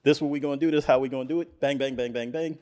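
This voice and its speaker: A man's voice: mid-range voice, fairly even intonation, racing, a little mellow. Emphatic man preaching to the room. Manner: emphatic and preachy, repeats "all right?". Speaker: podcast guest, apparel business owner. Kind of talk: casual podcast conversation.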